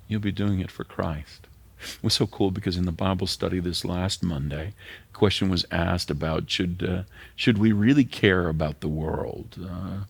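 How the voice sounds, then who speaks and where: With no echo in the recording, an older pastor preaches a sincere sermon. His very low, husky voice is gravelly with vocal fry, and he sinks into a gentle, earnest near-whisper when the moment matters.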